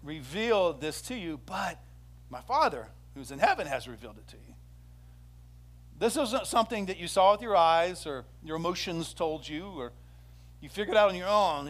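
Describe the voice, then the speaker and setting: Male pastor, sermon delivery, a bit high-pitched, acts out the quotes with energy. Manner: animated storytelling, acts out quoted speech.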